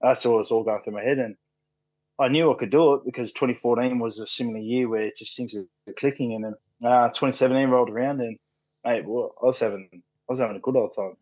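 A laid-back Australian man in his thirties chats as a podcast guest, rambling through stories with plenty of fillers, restarts and casual swearing. His voice sits at an ordinary pitch. The recording is dull and dry. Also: fairly even intonation, fast, darkish tone, no echo. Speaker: podcast guest, rugby league player. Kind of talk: casual chat, storytelling.

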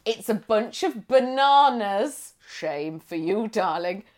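A woman's voice: medium pitch, expressive, takes it slowly, darkish tone. A woman co-hosting a podcast, bubbly and playful, laughing often while reading listener mail. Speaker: podcast co-host. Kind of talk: casual chat, reading listener mail aloud.

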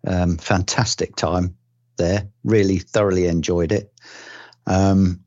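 A very deep-voiced older man from England talks through his years as a detective, pausing on ums and restarting his sentences. He keeps a dry sense of humour throughout. The recording is dull and lo-fi with a dry, close sound. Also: flat delivery, a little mellow, no room sound. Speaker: retired police detective. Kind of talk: relaxed oral-history recollection.

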